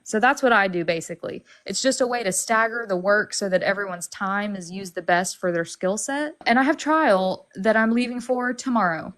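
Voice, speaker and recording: A young woman from Alabama with a light Southern accent that sounds almost Californian, chatting fast and bubbly on a family livestream. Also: mid-range voice. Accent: light Southern, mostly Californian-sounding. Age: young adult. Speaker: paralegal guest. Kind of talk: casual livestream chat.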